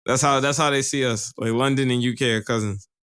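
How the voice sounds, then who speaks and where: A man's voice: mid-range voice, fairly even intonation, fairly quick, fairly bright tone, clean tone, dry recording, clean studio sound. A man co-hosting a podcast in casual, rambling chat, swearing and laughing often. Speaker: podcast co-host.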